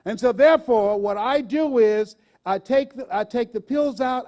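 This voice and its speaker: A man in his sixties giving a live motivational speech on stage, animated and laughing often as he talks to the audience. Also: very high-pitched, moderate pace, hardly any pauses. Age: 60s. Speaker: motivational speaker.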